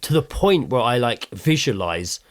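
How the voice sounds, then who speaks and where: A man's voice: medium pitch, sing-song, normal speed. Male podcast co-host, aching tooth, dry self-mocking humor, casual chat. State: in tooth pain. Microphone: podcast mic with headphones.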